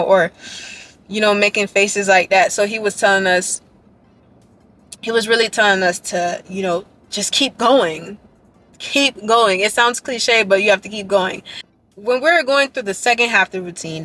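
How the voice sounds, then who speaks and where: A young woman telling a rambling, excited story to her camera in a casual vlog. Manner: excited, rambling, quotes others in a lowered voice. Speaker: dance vlogger. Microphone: handheld camera.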